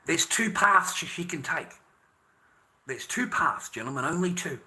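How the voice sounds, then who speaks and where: An Australian man rants to camera in a bitter, swearing monologue. His voice is bright and sharp. He lurches from angry outbursts down to low, resentful muttering. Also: lively intonation, unhurried, poor audio. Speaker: vlogger.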